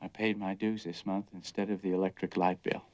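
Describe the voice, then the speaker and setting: A man's voice: low voice, flat delivery, brisk, darkish tone, natural voice. An actor playing a dreamy, restless young man, brooding and bitter, in a 1950s film. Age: young adult. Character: restless young man yearning to leave home. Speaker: restless son.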